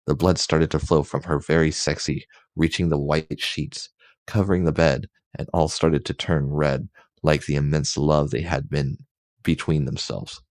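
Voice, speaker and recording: A man hosting a mock-dramatic comedy reading, reading haltingly and stumbling over words. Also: very deep voice, darkish tone, no echo, clean studio sound. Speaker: host reading comic fiction aloud.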